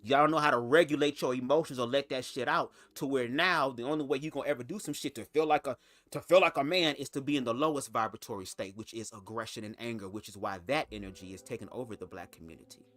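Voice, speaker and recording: A man's voice: fast, fairly bright tone. A young man telling a personal story to camera in a casual, sassy, profane way. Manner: profane, sassy, emphatic with big pitch swings. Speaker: storytime vlogger.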